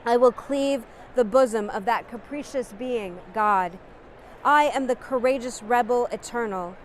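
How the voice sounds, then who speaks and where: A woman's voice: fairly high pitch, a little slow, a little hiss or hum. A woman giving a dramatic, impassioned poetry recitation. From United States. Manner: declamatory and impassioned.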